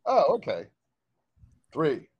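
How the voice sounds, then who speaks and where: A man's voice: a little high, huge pitch swings, takes it slowly, slightly rough, no room sound, dull audio. A man chatting as a guest in a casual interview, stumbling over words and laughing at his own slips. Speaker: guest musician.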